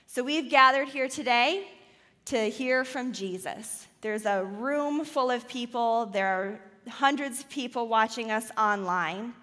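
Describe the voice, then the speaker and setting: Lady pastor preaching slow, loud then hushed, reverby church hall. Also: fairly high pitch. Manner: dramatic retelling, swings from loud to hushed. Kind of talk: sermon storytelling. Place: church auditorium.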